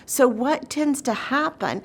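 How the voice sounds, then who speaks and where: A woman's voice: sits high, expressive, takes it slowly. A woman presenting an educational webinar session on caregiving, speaking earnestly and varying her pace as she explains. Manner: earnest, shifts pace often, acts out quoted voices. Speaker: dementia training presenter.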